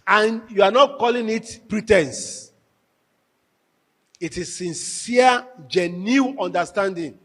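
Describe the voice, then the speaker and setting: Male workshop speaker, high voice, animated storyteller. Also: slow. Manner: animated storytelling, acting out both spouses. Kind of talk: lively workshop talk with acted anecdotes. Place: workshop hall.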